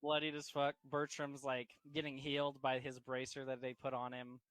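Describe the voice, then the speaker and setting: A man's voice: medium pitch, level tone, moderate pace, fairly bright tone, smooth, dry recording. A man narrating a tabletop game as game master, casual and laughing, swearing now and then.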